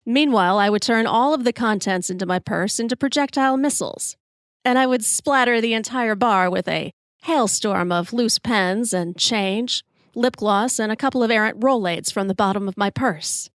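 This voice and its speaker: A woman in her forties hosting a solo storytelling podcast, wry, expressive and self-deprecating. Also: a little high, moderate pace, no echo, clean studio sound. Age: 40s. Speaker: podcast host.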